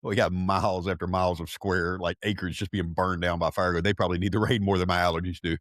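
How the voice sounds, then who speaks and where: A man's voice: low-pitched, level tone, brisk, fairly bright tone, dry recording, clean studio sound. A man from Georgia with a Southern accent, co-hosting a podcast in casual chat, blunt and folksy, a little stuffy with allergies. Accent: Southern American. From Georgia, USA. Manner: blunt, folksy, laughs at his own jokes. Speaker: podcast co-host.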